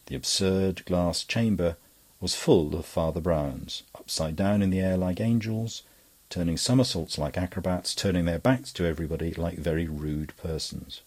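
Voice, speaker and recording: A male audiobook narrator delivers scripted narration in a deep voice with a husky edge, reading in a measured, even way.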